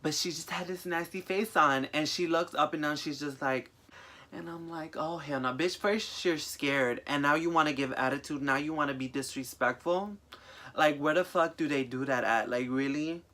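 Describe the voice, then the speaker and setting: A young man telling a story in a casual, profane and animated way, ranting as he goes. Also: fairly high pitch, normal speed. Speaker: vlogger.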